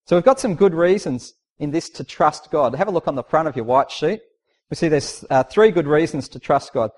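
A man's voice: on the high side, expressive, fairly quick, a little mellow. A man preaching a sermon in a conversational, emphatic way, posing rhetorical questions and reading out scripture.

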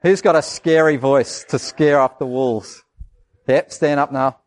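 A male pastor giving a lively children's sermon, asking the kids questions and acting out voices. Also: medium pitch, a little slow.

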